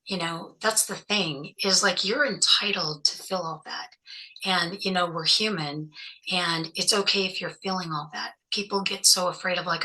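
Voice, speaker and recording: A woman's voice: fairly low pitch, steady tone, moderate pace, bright, forceful tone, poor audio. A woman interview guest speaking as a survivor and activist, talking in an emphatic, encouraging way. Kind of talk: conversational interview advice.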